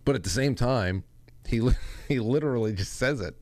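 A man's voice: mid-range voice, normal speed, a little mellow, dry recording. A man hosting his own show, talking in a rambling, joking, self-deprecating way. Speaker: host. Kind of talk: casual monologue.

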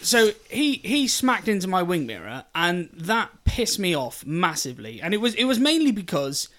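A man co-hosting a podcast, telling a story in a casual, animated and exasperated way, swearing a lot and often repeating himself. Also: high-pitched, normal speed. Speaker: podcast co-host.

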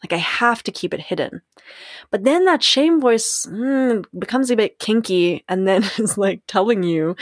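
A woman's voice: mid-range voice, moderate pace, no room sound, clean studio sound. Candid woman hosting a solo podcast. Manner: reflective, candid, laughs often, acts out inner voices. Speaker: podcast host.

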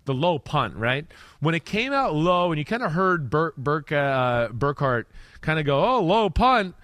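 Animated middle-aged man, slightly high voice. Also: a little slow, dry recording. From New York. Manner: animated, shouts when reliving plays. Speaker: football analyst co-host. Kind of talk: casual sports film breakdown.

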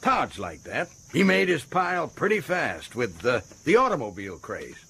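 An actor playing a boastful, folksy American prison governor in a radio drama, with an American accent. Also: male voice, medium pitch, wildly swooping pitch, normal speed, sharp tone, husky, exaggerated voice. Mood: chatty. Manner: boastful, folksy and self-satisfied.

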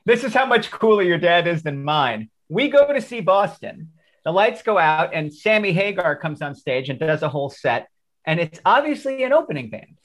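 A man co-hosting a podcast, telling animated stories and acting out what people said. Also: high voice, normal speed. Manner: animated storyteller, acts out quotes. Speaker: podcast co-host. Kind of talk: casual chat.

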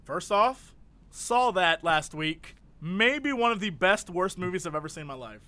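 A man's voice: high-pitched, animated, normal speed, bright, forceful tone. A man co-hosting a casual comedic show, rambling and joking, often laughing. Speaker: co-host. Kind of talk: casual comedic podcast chat.

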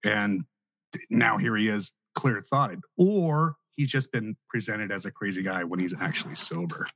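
Husky laughing podcast co-host man. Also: on the low side, unhurried, no echo. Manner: laughs easily, animated, rambling. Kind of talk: casual podcast banter.

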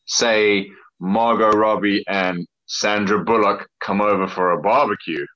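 A man's voice: on the low side, steady tone, a little slow, bright, forceful tone, lo-fi sound. A man chiming in on a casual podcast chat with a reasoned point and easy laughter.

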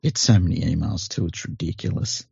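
A man with an Australian accent co-hosting a podcast, talking sport in a laid-back, halting way. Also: low voice, creaky, darkish tone, husky, no room sound, dull audio. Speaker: podcast co-host. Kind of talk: casual sports chat.

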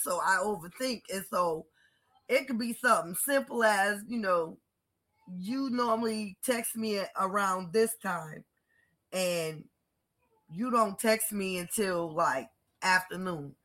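A woman's voice: medium pitch, unhurried, pushed and bright. A woman in her thirties chatting casually as host, blunt and profane, telling stories with laughter. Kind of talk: casual chat.

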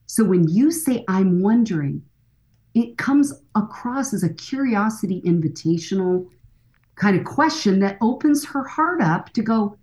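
A woman's voice: medium pitch, unhurried, rough recording. A woman guest on a podcast interview telling stories with energy and acting out the voices of the people in them. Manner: lively storytelling, acting out quoted voices. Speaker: guest expert on fathers and daughters.

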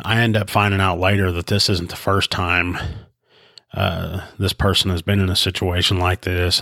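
A man's voice: low-pitched, a bit bright, no echo, clean studio sound. A congested man, a sheriff's investigator and podcast host, telling a story casually with lots of fillers and restarts. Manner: rambling, with many fillers and restarts. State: congested, stuffed up.

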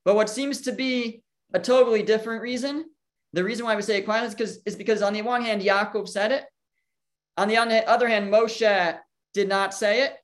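Torah teacher, explanatory lesson, reasons aloud, translates Hebrew terms, mid-pitched voice. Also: fairly even intonation, brisk. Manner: thinks aloud, poses questions and answers them.

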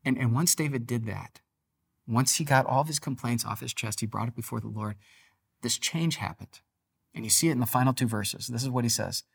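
A man's voice: mid-range voice, brisk, creaky, slightly rough. A man preaching a devotional sermon on a podcast, talking earnestly and conversationally, sometimes reading with dramatic emphasis. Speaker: pastor.

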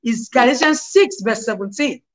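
A middle-aged woman, a guest on a video call, telling lively personal stories and quoting scripture. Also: fairly high pitch, moderate pace. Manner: animated storyteller, quotes scripture. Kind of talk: casual interview, personal testimony.

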